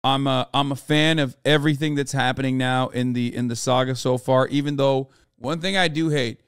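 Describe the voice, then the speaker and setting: A man's voice: medium pitch, fairly even intonation, moderate pace, fairly bright tone, clean tone, no echo, studio quality. A man streamer in a casual, profane rant, talking emphatically and sounding exasperated.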